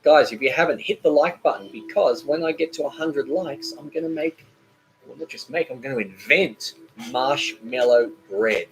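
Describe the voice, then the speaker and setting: A man's voice: mid-range voice, lively intonation, normal speed, poor audio. Chatty man hosting a live stream. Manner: rambling and chatty, with many fillers and joking asides. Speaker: cooking channel host. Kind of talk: casual live-stream chat, reading viewer comments.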